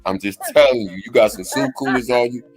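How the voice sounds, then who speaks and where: Older male co-host, mid-pitched, slangy and laid-back, faint music under him. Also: fast talker. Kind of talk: casual reaction chat.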